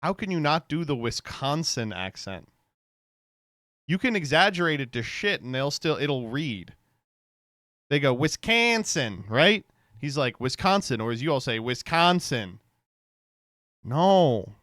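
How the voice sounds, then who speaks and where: A man's voice: medium pitch, animated, moderate pace, fairly bright tone, no room sound, studio quality. Profane, rambling male streamer. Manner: rambling, profane, laughs often. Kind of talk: casual reaction commentary.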